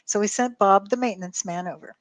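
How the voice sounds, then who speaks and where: A woman's voice: medium pitch, a little fast, dry recording. A woman telling a long story on a call show, acting out both sides of the dialogue and swearing freely. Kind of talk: casual storytelling chat.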